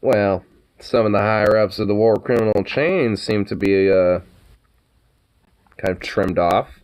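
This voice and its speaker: A man's voice: lowish voice, a little slow, a little mellow. A man streaming live in casual chat, laughing often, swearing and making sarcastic remarks.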